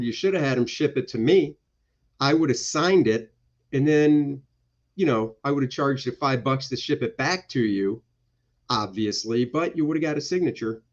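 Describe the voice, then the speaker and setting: A man's voice: a little high, lo-fi sound. A man hosting an art livestream, chatting casually, joking and rambling while he talks to his viewers. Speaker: comic artist hosting an art stream.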